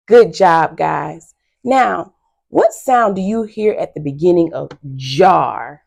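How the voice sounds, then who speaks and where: Woman teacher, phonics lesson for young kids, sing-song, encouraging, slightly low voice with gravelly fry. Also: animated, darkish tone. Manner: slow, sing-song and encouraging, with frequent praise.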